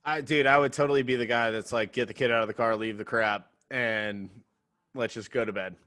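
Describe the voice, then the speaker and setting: Male co-host, relaxed, jokey, mid-range voice. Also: medium pitch, a little fast. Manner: laid-back, joking, laughs easily. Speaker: podcast co-host. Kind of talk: casual chat.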